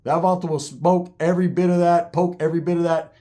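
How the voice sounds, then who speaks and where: A man spinning a profane, animated street story, heavy on slang and asides. His voice sits fairly high for a man. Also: quick pace.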